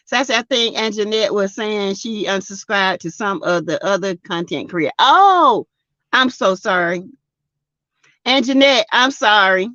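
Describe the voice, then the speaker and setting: A woman's voice: medium pitch, animated, measured pace, fairly bright tone, dry recording, muffled recording. A Southern US woman hosting a casual livestream, reading viewer comments aloud and laughing often. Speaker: livestream host reading chat. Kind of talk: casual live chat.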